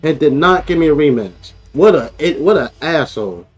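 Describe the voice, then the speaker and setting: Aggravated man streamer, high voice, profane repetitive gameplay rant. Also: expressive, moderate pace, breathy edge, no echo, rough recording. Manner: frustrated ranting, repeats himself, profane. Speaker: gaming streamer. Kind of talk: live gameplay commentary.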